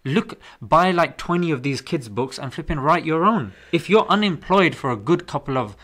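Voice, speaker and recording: A man, chatting on a podcast and explaining things with animated emphasis. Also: on the high side, normal speed. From England. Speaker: podcast guest. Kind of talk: casual podcast chat.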